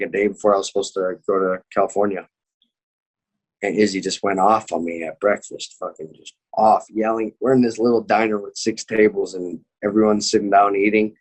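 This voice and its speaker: A man's voice: fairly low pitch, steady tone, fairly quick. A young man, an MMA fighter, telling a story in casual chat, cursing constantly and acting out the people he quotes.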